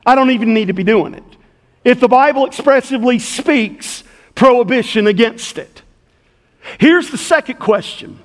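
A man's voice: very high voice, lively intonation, normal speed, big-room sound. A middle-aged man pastoring a church, giving a folksy, conversational sermon with stories.

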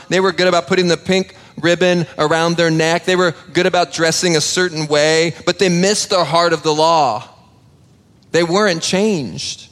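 A man's voice: fairly high pitch, fairly bright tone. A man preaching a sermon in a conversational way, often restarting words and acting out little dialogues. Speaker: pastor. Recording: long hall reverb.

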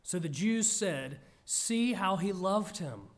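Slow, high-voiced male preacher. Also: expressive. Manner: slow, measured, earnest delivery. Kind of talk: scripture reading and sermon.

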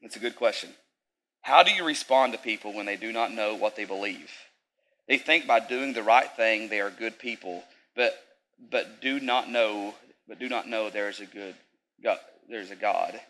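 A man's voice: on the low side, normal speed, sharp tone, slight background noise, rough recording. A young man giving a casual, talkative sermon, full of fillers and asides to the audience.

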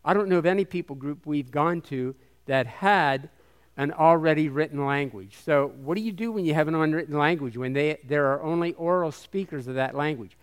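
A man's voice: a little high, fairly quick, clean tone. A man, a missionary, gives a conference talk to a live audience, quizzing them and sounding out syllables like a teacher. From United States. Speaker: missionary speaker.

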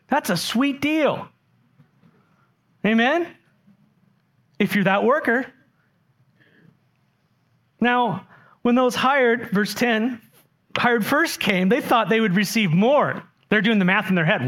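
A man preaching a sermon, animated and often putting questions to the congregation. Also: extremely high pitch, slow, pauses often. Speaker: pastor.

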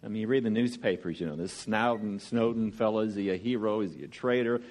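A man from Georgia with a Southern accent preaches as a guest speaker, delivering a sermon full of jokes in a chatty, storytelling style. His voice sits fairly low, with a darkish tone, and he talks fast.

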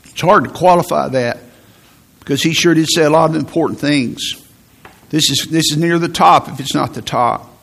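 A man's voice: on the high side, moderate pace, vocal fry, fairly bright tone. A male pastor preaching a sermon, emphatic, repeating phrases and restarting as he builds a point.

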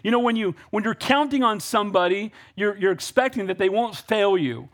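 A man preaching a sermon in a notably high voice, swinging between quiet asides and bright, climbing emphasis. He tells stories, asks pointed questions and calls for amens. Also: animated, a little fast. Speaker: pastor.

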